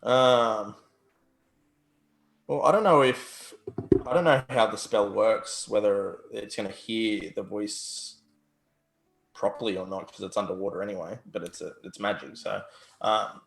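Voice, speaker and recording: A man with a gravelly voice, a laid-back player in a tabletop game, hesitant as he works out his plans. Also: lowish voice, measured pace, pauses often, echoey room. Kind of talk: casual tabletop game play.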